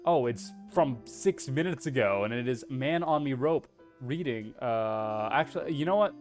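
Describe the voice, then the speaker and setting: A man with a Texan accent chatting casually on a livestream, playful and hammy, swearing freely and letting out loud yeehaw whoops. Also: medium pitch, lively intonation, moderate pace, faint music behind. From Texas. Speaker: VTuber streamer.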